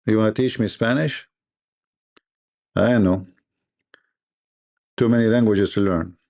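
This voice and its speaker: A man's voice: lowish voice, unhurried, gravelly, a little mellow. Joking male livestream host. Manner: joking storyteller, mimics voices, laughs often. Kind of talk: livestream debate chat.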